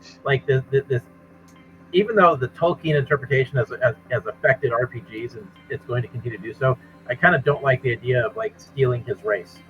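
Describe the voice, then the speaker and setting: Fast-talking man on a muffled chat line. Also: mid-range voice, soft background music. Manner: rapid, restarts and repeats words. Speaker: game master and game designer. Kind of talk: casual chat between tabletop players.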